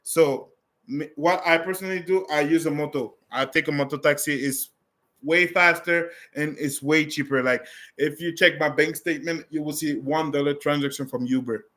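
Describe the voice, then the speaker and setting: Rambling man vlogger, higher voice. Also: steady tone, moderate pace, fairly bright tone. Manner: rambling, with many restarts and fillers; blunt and direct. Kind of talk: casual talk answering viewer questions.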